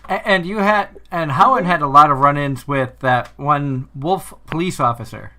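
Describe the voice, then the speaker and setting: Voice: medium pitch, normal speed, bright, forceful tone. A podcast host asking long, rambling questions full of fillers. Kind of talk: interview questions.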